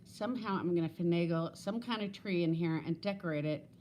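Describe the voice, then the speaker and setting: A woman's voice: fairly low pitch, a little fast, darkish tone. A woman in her fifties chats on a casual livestream from home, rambling from one thing to the next and laughing often. She greets viewers by name. Her phone picks her up, with a faint hiss behind her voice. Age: 50s. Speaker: livestream host.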